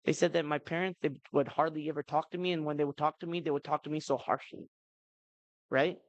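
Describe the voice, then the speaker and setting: A man in his thirties, his voice on the high side and steady in tone, speaks fast at a community family seminar for parents. He's chatty, with many "you know" and "right?" asides, and the audio is dull with no echo.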